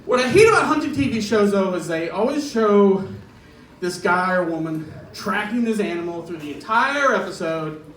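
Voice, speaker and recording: A man's voice: sits high, animated, normal speed, fairly bright tone, roomy sound, far from the mic, slight background noise, poor audio. A man doing a stand-up set in a club, chatty and chuckling through his punchlines. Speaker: stand-up comedian. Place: comedy club stage.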